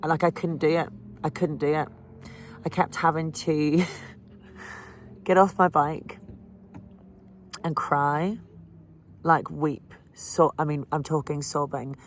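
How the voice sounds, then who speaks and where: Irish woman, low voice, candid emotional vlog delivery, light background hiss. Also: little pitch movement, slow pace, long pauses. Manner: emotional, candid, breaks into laughter. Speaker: vlogger recounting a cycling challenge.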